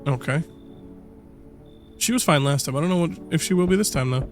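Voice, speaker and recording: A man's voice: a little high, fairly quick, long pauses, faint music behind. A young man streaming a game, reading its lines and reacting in a casual, wry way and swearing freely. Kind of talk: gameplay commentary.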